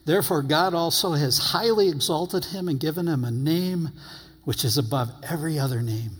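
Male pastor, sermon, emphatic slow stresses, husky, long church reverb. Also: fairly high pitch. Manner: emphatic, paces phrases slowly for stress. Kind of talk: sermon with scripture reading.

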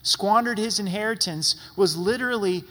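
A man's voice: high-pitched, moderate pace, pushed and bright, long reverb tail. A man preaching a sermon as pastor in a church sanctuary, talking in an earnest, pleading, conversational way.

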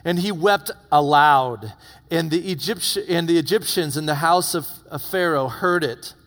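A male pastor preaching a sermon, retelling a story dramatically and dropping to hushed tones for emphasis. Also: fairly high pitch, normal speed. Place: church. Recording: long reverb of a church hall.

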